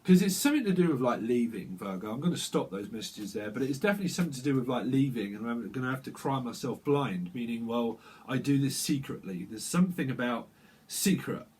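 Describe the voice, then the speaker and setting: Guy doing a chatty tarot reading, kinda husky voice, rambles a lot. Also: mid-range voice, animated, fairly quick, a little mellow, poor audio. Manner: rambling, chatty, breaks into song. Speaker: tarot reader. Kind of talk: casual tarot reading monologue.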